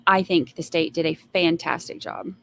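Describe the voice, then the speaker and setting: A woman's voice: on the low side, moderate pace, creaky, a bit bright. A woman hosting a live trial commentary, answering viewer comments and giving blunt, sassy opinions with exasperated rants. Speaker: trial commentary livestream host.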